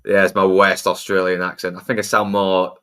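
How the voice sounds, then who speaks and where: Rambling, swearing man with a lowish voice. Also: monotone, a little fast, fairly bright tone, clean tone. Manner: rambling, heavy swearing, frequent restarts. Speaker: podcast co-host. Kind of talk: casual film discussion.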